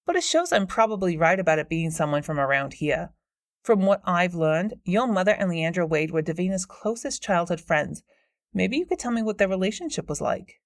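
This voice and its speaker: A woman's voice: on the low side, animated, a little fast, no echo. A woman narrator voicing a smug, pushy female paranormal investigator with a smarmy, know-it-all manner, in a dry, close recording.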